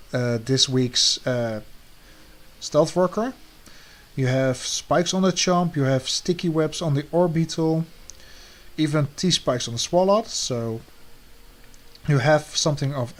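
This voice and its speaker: A man co-hosting a casual chat, talking relaxed and letting his sentences trail off softly. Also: fairly high pitch. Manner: relaxed, trails off with soft endings. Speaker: co-host ranking draft teams.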